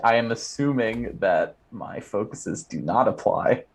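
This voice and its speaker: A man playing a tabletop game, making deadpan jokes and asking about rolls. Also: fairly low pitch, measured pace. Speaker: player.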